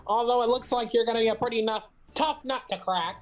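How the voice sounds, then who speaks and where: A man's voice: very high-pitched, fairly quick, soft background music, pitched above the performer's own voice. A man voicing an eager, inquisitive young woman journalist in glasses, in a raised put-on girl voice during a let's play fan dub. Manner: perky, inquisitive.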